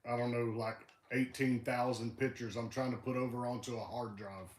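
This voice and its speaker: A man's voice: medium pitch, fairly even intonation, moderate pace, roomy sound. A man hosting a livestream, chatting casually and talking about faith in an earnest, encouraging way. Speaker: livestream host. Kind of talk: casual chat.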